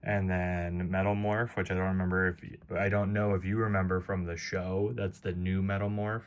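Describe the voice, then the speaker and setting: A man's voice: sits low, little pitch movement, normal speed. A man casually explaining his card collection to his wife, chatty and playful, full of comparisons. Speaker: teacher of a card game.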